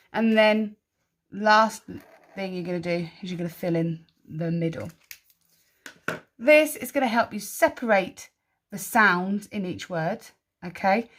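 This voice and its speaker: A woman leads a spelling lesson for children at an unhurried pace. She stretches out each word, sounding out syllables and single sounds with care, and praises the right answers warmly. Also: mid-range voice. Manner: slow, clearly sounding out words and syllables. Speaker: primary school teacher.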